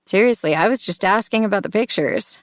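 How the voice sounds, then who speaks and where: A woman voicing a smooth, edgy young man. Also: medium pitch, a little fast, no echo, clean studio sound, lightly acted.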